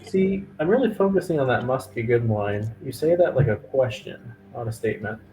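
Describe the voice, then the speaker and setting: A man's voice: mid-range voice, very animated, brisk, dark tone, rough recording. A man playing a tabletop game, chatty and joking, asking pointed questions. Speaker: player. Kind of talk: casual tabletop play.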